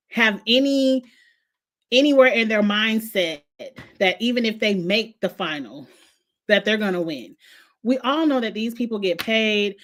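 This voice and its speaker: A woman with a mid-range, slightly bright voice hosts a casual reality TV recap, ranting in AAVE. She's blunt and opinionated and cusses a lot.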